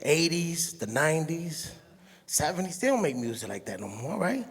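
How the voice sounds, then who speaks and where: A middle-aged man telling stand-up stories, acting out his mother with shrill shrieks. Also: normal speed. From Puerto Rican heritage. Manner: animated storytelling, acts out his mother with high shrieks. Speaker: stand-up comedian. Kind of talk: stand-up comedy routine. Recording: long reverb of a show hall.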